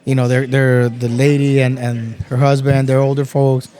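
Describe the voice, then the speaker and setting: A man from Texas, a podcast guest, telling stories in a casual, animated way, swearing often and calling everyone bro. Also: medium pitch, normal speed. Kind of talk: casual chat.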